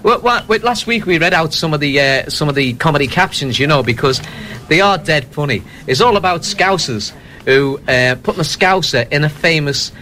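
A man with a Liverpool accent co-hosting a radio show, telling listeners' jokes in a laughing, lively way. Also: on the high side, normal speed. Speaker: radio co-host. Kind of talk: radio banter reading out jokes. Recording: noisy radio broadcast recording.

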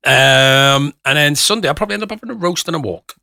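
A young man behind a radio mic, trading teasing jokes with his co-host. His voice is very bright and lively in pitch, and the sound is close and dry. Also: quick pace, gravelly, no echo. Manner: teasing, joking. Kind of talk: casual on-air banter.

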